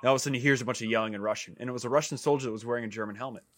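Man, fast talker, bright tense voice, animated storyteller. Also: medium pitch. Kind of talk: casual podcast chat.

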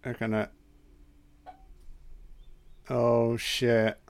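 Young male commentator, middle pitch, loose and profane, reacts out loud to every twist. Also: monotone, drawn-out words, no echo. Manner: swears a lot, exclaims in surprise. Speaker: film commentator.

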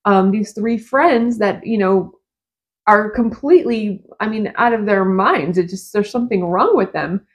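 A woman's voice: medium pitch, a little slow, rough recording. A woman co-hosting a casual podcast, recapping a film's plot in a chatty, conversational way. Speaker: podcast co-host. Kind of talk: casual movie review chat.

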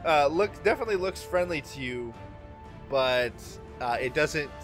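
Higher-voiced man running a tabletop game. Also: lively intonation, a bit bright, soft background music. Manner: casual, halting, many restarts. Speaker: game master.

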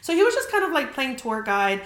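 A woman's voice: high voice, very animated, a little fast, a bit bright. Chatty young woman, roomy echo. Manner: chatty, heavy on filler "like", swears freely. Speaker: podcast host. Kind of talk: casual storytelling.

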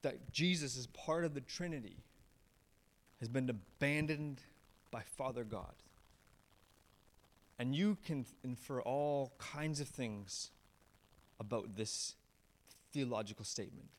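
A man, a pastor, preaching a sermon. He tells the story with feeling, raising his voice on some lines and dropping low and quiet on others. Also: takes it slowly, pauses often. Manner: animated storyteller, swings from raised emphatic lines to low hushed ones.

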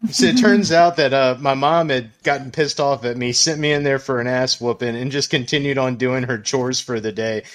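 A man's voice: medium pitch, normal speed, hardly any pauses. Laughing man telling a crude story. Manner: laughs often while telling stories, crude and profane. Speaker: podcast co-host. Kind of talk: casual storytelling. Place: small studio room.

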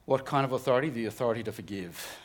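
A man's voice: mid-range voice, very fast. Earnest young man preaching. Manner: earnest, conversational, with frequent restarts. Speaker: preacher at a student Bible talk. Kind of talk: sermon.

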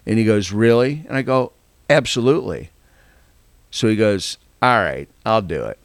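Gravelly older man telling a story. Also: on the low side, moderate pace, no echo. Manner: animated, laughing, acts out quoted voices. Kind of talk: casual storytelling.

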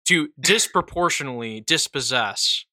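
A preachy young activist man lectures with mock-earnest conviction, slightly higher and louder than the speaker's own voice, as a man puts him on. The voice is bright and forward. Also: animated, normal speed, no echo. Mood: lecturing.

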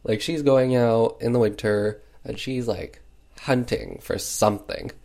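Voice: mid-range voice, steady tone, measured pace, vocal fry, mellow. A film reviewer recapping a movie in casual chat, full of fillers and sarcastic asides.

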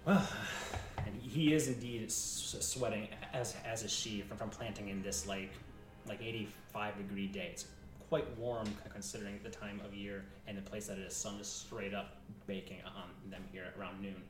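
Rambling low-voiced man narrating a game. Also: steady tone, moderate pace, distant mic. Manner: rambling, self-interrupting. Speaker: game master. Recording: echoey room, off-mic, music bed.

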